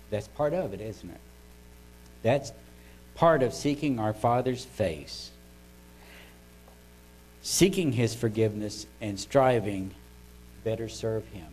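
An older man giving a devotional talk. He speaks in a conversational, folksy way and often clears his throat. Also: mid-range voice, a little mellow, slight background noise, rough recording.

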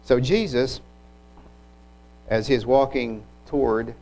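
A man preaching a sermon, retelling scripture in an unhurried, reflective way with occasional restarts. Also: medium pitch, darkish tone, poor audio.

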